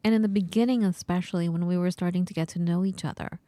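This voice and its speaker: Animated woman storyteller on a podcast. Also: on the low side, quick pace, dry recording. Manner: animated storyteller, acts out quoted voices. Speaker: podcast co-host. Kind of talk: casual chat.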